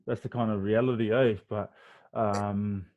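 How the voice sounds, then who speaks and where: A man's voice: fairly low pitch, little pitch movement, measured pace, phone-quality sound. A man hosting an interview, mostly giving short agreeing replies and calling his guest bro. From Australia. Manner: brief agreeing backchannels, says bro. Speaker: podcast host.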